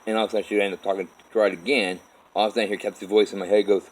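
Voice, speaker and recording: A man telling his own life story in a halting, rambling way, with many restarts. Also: lowish voice, rough recording. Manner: halting, with restarts and repeated "all of a sudden". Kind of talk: rambling first-person storytelling.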